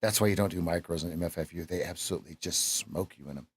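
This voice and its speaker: Low-voiced man talking through live trades. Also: quick pace, husky. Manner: chatty, self-deprecating, talks to chat and himself while trading. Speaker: trading coach streaming live. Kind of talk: casual live-stream commentary.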